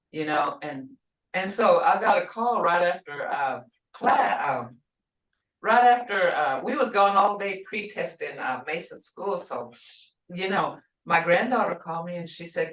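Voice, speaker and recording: Older woman, language teacher, slow and patient, repeats words, far from the mic, echoey room. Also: mid-range voice, lively intonation, fairly bright tone. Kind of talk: classroom teaching. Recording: roomy, distant from the mic.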